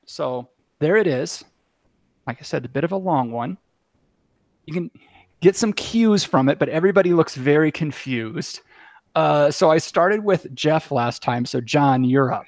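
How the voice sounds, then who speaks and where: A male podcast host with a slightly high voice talks in a chatty, loose way and scatters "uh"s through his lines. The recording is dry and close, with almost no room sound. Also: expressive, a little slow, no echo. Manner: chatty, with many filler "uh"s. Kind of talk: casual podcast hosting.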